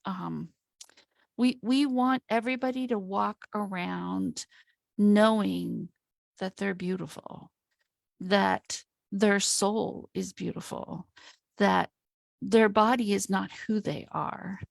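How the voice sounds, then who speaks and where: Gravelly, unhurried woman host. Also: medium pitch, steady tone, dry recording, clean studio sound. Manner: heartfelt, reflective, slow and thoughtful. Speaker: host and coach. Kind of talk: casual conversation.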